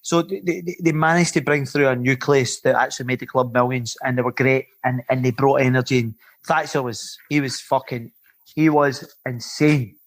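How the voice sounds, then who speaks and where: A Scottish man in his fifties, a former footballer and podcast guest, telling lively rambling stories and swearing freely. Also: medium pitch, normal speed. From Scotland. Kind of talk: casual anecdotal storytelling.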